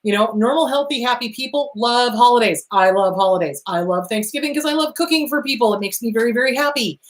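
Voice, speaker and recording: A woman's voice: on the high side, lively intonation, fast talker. A middle-aged woman therapist hosting her own show, giving blunt, upbeat advice straight to her viewers, with emphatic, cheerleading encouragement and the odd swear. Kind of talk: direct-to-camera advice talk.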